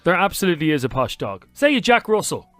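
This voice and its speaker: A man's voice: fairly high pitch, big pitch swings, quick pace, fairly bright tone, no echo, soft background music. A man co-hosting a radio talk show, teasing and opinionated. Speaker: radio co-host. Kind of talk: casual chat.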